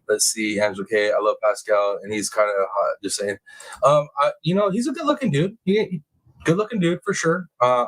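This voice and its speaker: On his laid-back true crime livestream, the host reads out viewers' chat comments, breaking into high-pitched, excited exclamations. The audio is poor.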